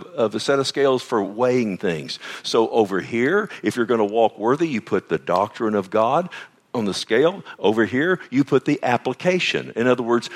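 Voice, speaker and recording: A middle-aged pastor preaching, who keeps throwing questions out to the congregation. His voice sits at an ordinary pitch for a man. He moves between loud, fervent lines and soft, hushed ones. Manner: preaching with call-and-response questions. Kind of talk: sermon.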